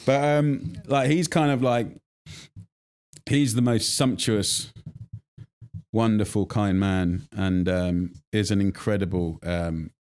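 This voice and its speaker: An English man in his forties, a chef being interviewed, telling animated stories full of fillers and restarts. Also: lowish voice, slow, clean tone. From England. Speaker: guest chef. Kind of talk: casual interview chat.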